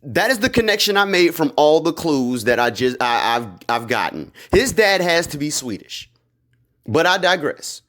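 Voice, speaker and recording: A man giving a casual, excited recap of a TV episode, rambling with lots of fillers and slang. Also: on the high side, moderate pace. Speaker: video creator recapping a TV episode. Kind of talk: casual theory recap vlog.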